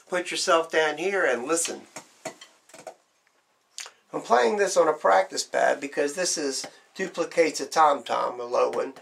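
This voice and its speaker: A man's voice: on the high side, creaky. A man teaching drum strokes, explaining plainly and counting beats aloud as he demonstrates. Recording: loud background noise.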